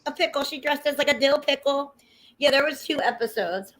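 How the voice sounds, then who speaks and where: A woman hosting a livestream, chatting casually in an excitable, gossipy way, swearing freely and talking to her viewers. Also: high voice, fairly quick. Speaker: livestream host. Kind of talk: casual chat.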